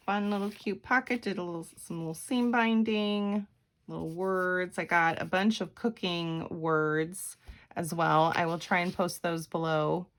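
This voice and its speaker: A woman's voice: on the low side, fairly even intonation, measured pace, fairly bright tone. A woman showing a handmade journal on camera, chatty and meandering, with frequent ums and self-corrections. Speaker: craft vlogger. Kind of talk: casual craft flip-through.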